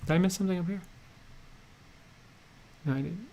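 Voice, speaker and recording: A man's voice: sits high, normal speed, mellow, a little hiss or hum. A middle-aged man with a New Jersey accent, co-hosting a livestream and reading viewer comments in a laid-back, joking way. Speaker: livestream co-host.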